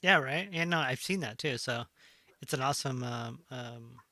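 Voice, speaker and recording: A man's voice: mid-range voice, moderate pace, a crowd in the background. A man hosting a casual chat show, rambling with many fillers. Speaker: host.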